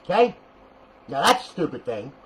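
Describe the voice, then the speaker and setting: Blunt tutorial host, male, a bit high-pitched, cursing and ranting, checks in with the viewer constantly. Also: big pitch swings, normal speed, fairly bright tone, a little hiss or hum, poor audio. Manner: repeats "okay?" and "all right?" as checks. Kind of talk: casual screen tutorial.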